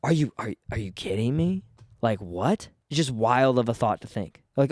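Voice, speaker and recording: A man alone at the mic on his podcast, fired up and cursing as he trips over his own restarts. His voice sits at an ordinary middle pitch. The sound is dry and close, with no room around it. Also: expressive, normal speed, darkish tone, no room sound. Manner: fired-up, swearing, stumbling restarts. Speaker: podcast host. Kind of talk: casual solo podcast rant.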